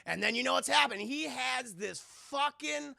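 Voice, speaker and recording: A man streaming a profane, excitable spoiler recap of a film to his chat, acting out scenes with shouts and sound effects. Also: very high-pitched, moderate pace, gravelly, no room sound, clean studio sound.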